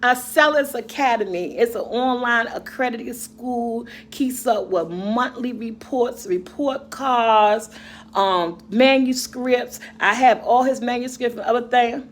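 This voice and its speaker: Middle-aged woman vlogger, chatty and rambling, slightly high voice, faint hum behind. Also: fairly even intonation, slow pace. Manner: chatty, rambling, laughs often, answers viewer comments. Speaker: vlogger and mother. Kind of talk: casual chat with viewers.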